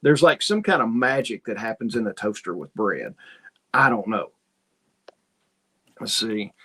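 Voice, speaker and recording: A man with a fairly low, expressive voice, sharp in tone with a breathy edge, hosts a casual livestream at a measured pace. He reads viewer comments and tells rambling, folksy stories, acting out both sides of each conversation.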